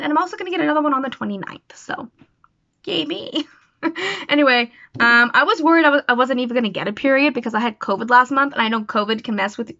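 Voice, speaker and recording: A woman's voice: on the high side, gravelly, pushed and bright, dry recording. A young woman talking casually in a personal vlog, rambling and self-deprecating with lots of fillers. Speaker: vlogger. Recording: dull lo-fi sound, dry.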